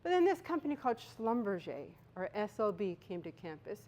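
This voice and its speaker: A woman's voice: mid-range voice, big pitch swings, darkish tone. Bostonian woman giving a speech. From Boston, USA. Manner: storytelling, emphatic pauses. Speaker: Toastmasters speaker. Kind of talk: prepared speech.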